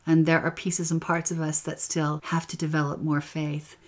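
Low-voiced woman teaching scripture. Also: little pitch movement, moderate pace. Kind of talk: gospel lesson with scripture reading.

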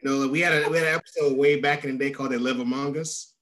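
A man hosting a podcast in casual chat, animated and rising in pitch when he makes a point. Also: very fast. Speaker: podcast host.

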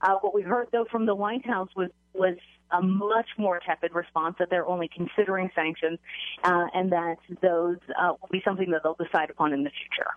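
A woman news correspondent reporting by phone in a measured, explanatory way. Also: on the low side, steady tone, no room sound. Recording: tinny phone line.

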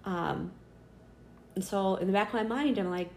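A middle-aged woman with a mid-range voice shares a personal faith story in a relaxed, conversational way. She talks with plenty of ums and likes. She is earnest and animated when she acts out what others said. A faint hiss sits under her voice. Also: medium pitch, normal speed, vocal fry, echoey room. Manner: chatty, earnest, full of fillers. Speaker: interviewee.

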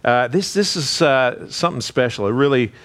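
A man's voice: mid-range voice, lively intonation, normal speed, a bit bright. A man with an Australian accent hosting a carols event, chatty and jokey, breaking off for asides. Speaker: host.

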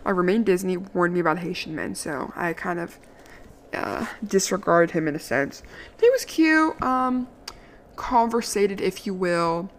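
A young woman from the Washington, D.C. area telling a casual, animated story, full of "like" fillers and the odd swear word. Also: fairly low pitch, measured pace. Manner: chatty, animated, lots of "like" fillers, occasional swearing. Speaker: vlogger.

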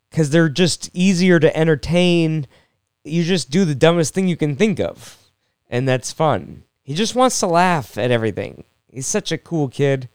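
Comedian host, man, young adult; smooth, clean voice with a dry, close sound; rambling and jokey. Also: mid-range voice, darkish tone, dry recording. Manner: rambling, self-deprecating, jokey with frequent restarts. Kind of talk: casual solo podcast monologue.

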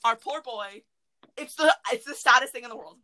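Woman, podcast host, casual chat, bright ringing tone, excitable rambling, many fillers. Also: fairly high pitch, normal speed, rough recording. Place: closet.

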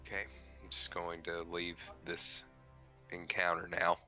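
A man's voice: low voice, completely flat delivery, measured pace, pushed and bright, soft background music. A man playing in a tabletop game, dry and matter-of-fact. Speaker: player. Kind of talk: casual tabletop play.

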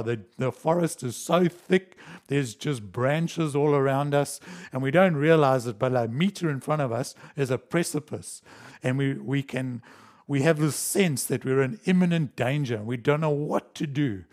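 Man, pastor, sermon, live stream, mid pitch, vivid storytelling. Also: a little mellow. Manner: storytelling, acts out quoted lines with rising emotion.

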